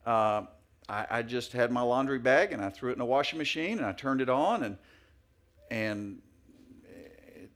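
A middle-aged male pastor preaching a sermon in a folksy, anecdotal way with many fillers and restarts. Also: mid-range voice.

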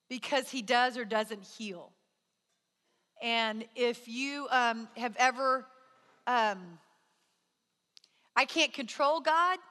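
A woman's voice: on the high side, sharp tone, in a large hall. A middle-aged woman preaching a sermon, telling a personal story in an earnest, conversational way with frequent restarts. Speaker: speaker at a church.

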